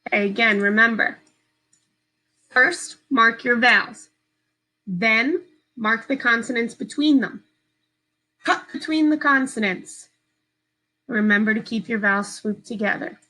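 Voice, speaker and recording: A woman teacher giving a slow, patient, step-by-step phonics lesson to young children from home. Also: on the high side, pushed and bright, rough recording.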